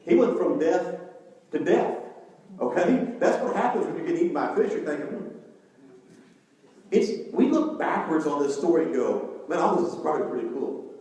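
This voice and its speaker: Man, pastor, sermon, animated delivery, distant mic, long hall reverb. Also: a little high, moderate pace. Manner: animated preaching, dramatizing voices. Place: church sanctuary.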